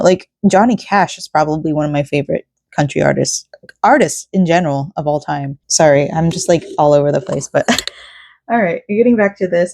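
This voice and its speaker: A woman's voice: lowish voice, a little mellow, no echo. Chatty, emotional woman crafting at home. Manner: chatty, emotional, laughs often, rambling asides. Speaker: crafting vlogger. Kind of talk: casual rambling vlog chat.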